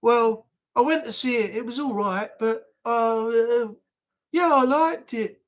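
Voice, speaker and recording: A man imitating a bored Birmingham man with a flat, deflated Birmingham accent. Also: very high voice, a little slow. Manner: droning, deflated, monotone.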